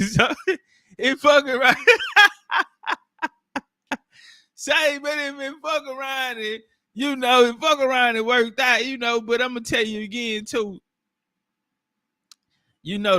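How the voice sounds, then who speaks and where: A man's voice: high voice, pushed and bright, no room sound, clean studio sound. A man in casual, profane commentary, talking loosely with street slang and frequent laughs into his own microphone.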